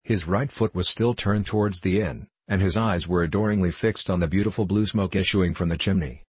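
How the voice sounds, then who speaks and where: A man reads a storybook aloud at a steady, measured pace. His voice is very deep with a husky edge. He sounds dry and close to the mic. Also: dry recording. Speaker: audiobook narrator. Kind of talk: storybook reading.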